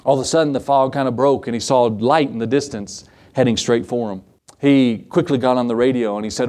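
Speaking briskly in a mid-range, somewhat mellow voice, a preacher gives an earnest, down-home sermon. Frequent chuckles punctuate it, and he leans on repetition and a building, rising cadence to press each point.

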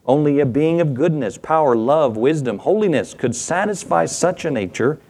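A man's voice: a little high, lively intonation, moderate pace, a little mellow. A middle-aged man, a pastor, teaching a sermon in a conversational way, asking the congregation for responses and acting out small skits in quoted voices.

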